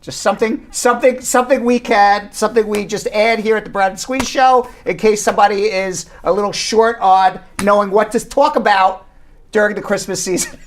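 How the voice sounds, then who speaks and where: A man's voice: high-pitched, steady tone, normal speed, slight background noise. A man co-hosting a live radio and stream show from a law office, rambling, teasing and correcting himself as he talks. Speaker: immigration attorney and co-host.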